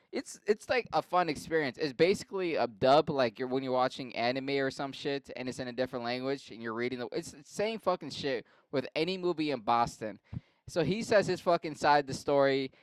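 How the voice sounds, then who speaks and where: A man's voice: a little high, smooth, dry recording. A man hosting a podcast, ranting crudely and sarcastically with lots of profanity. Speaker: podcast host. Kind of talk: crude comedic rant.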